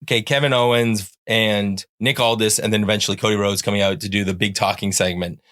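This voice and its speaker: A man's voice: fairly low pitch, fairly even intonation, a little fast, a bit bright. A middle-aged man from Canada hosting a casual podcast, rambling through show plugs and teasing his guest. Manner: rambling plugs, playful sound-effect buzzers. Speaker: podcast host.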